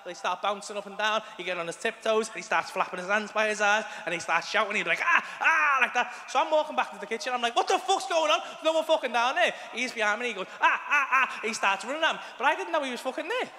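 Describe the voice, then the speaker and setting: A man's voice: high voice, very fast, few pauses. A man doing a sweary, blunt stand-up set in a large theatre. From England. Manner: sweary, blunt storytelling with acted-out outbursts. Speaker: stand-up comedian. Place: large theatre with a big audience. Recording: live hall recording with a loud crowd.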